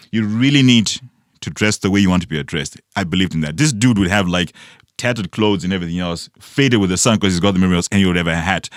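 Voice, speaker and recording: Middle-aged guy from zimbabwe chatting on a podcast, animated, dry close mic. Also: sits low, no room sound. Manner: animated, laughs and acts out phone calls. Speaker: podcast co-host. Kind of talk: casual chat.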